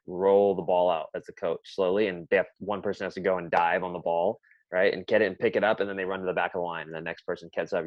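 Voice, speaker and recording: A man co-hosting a casual podcast, talking shop as a basketball coach. His voice sits slightly low, and the lo-fi recording sounds dull and dry. He tells his stories with animated reenactments of what his players said. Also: no echo. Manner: storytelling, acts out players' reactions.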